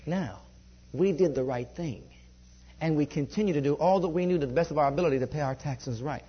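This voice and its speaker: A man preaching in a conversational storytelling way, animated and laughing often as he gives a testimony. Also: fairly high pitch, a little fast, breathy edge. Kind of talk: sermon storytelling. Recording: dull lo-fi recording.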